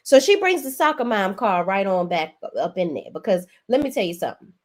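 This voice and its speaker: A woman's voice: mid-range voice, very animated, fairly quick. A woman hosting a reality TV recap, talking in a sassy, profane, emphatic way. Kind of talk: casual profane commentary.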